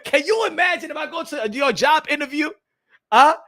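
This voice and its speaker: A man hosting a boxing channel live stream, ranting in an animated, profane way with frequent restarts and rhetorical questions. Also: very high-pitched, moderate pace.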